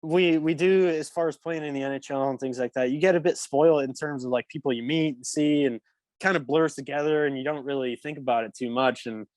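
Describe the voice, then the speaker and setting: A man's voice: a little high, fairly quick, darkish tone, dry recording. Rambling young man telling a story. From England. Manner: rambling, lots of "like" fillers, laughs mid-story. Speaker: guest, former pro hockey player. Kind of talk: casual storytelling.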